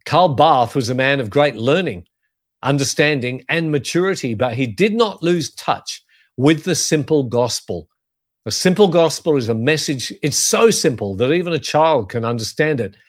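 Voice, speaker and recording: Earnest pastor teaching in a dry room. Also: male voice, medium pitch, lively intonation, no room sound. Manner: earnest, measured, emphatic on key phrases. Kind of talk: sermon-style teaching.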